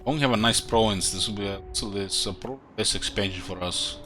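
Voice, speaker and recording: A man's voice: lowish voice, a little fast. A tired man streaming and commenting casually on a strategy game, thinking aloud with loose rambling sentences. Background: faint game music.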